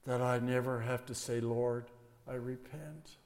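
A man's voice: mid-range voice, fairly even intonation, unhurried, a little mellow. An older man preaching as a pastor, folksy and emphatic, with a closing blessing. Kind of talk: sermon. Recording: long hall reverb.

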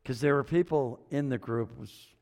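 A man, older, preaching a sermon with a personal story, dropping to low murmurs and rising to loud excited bursts. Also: normal speed, vocal fry. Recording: long reverb of a hall.

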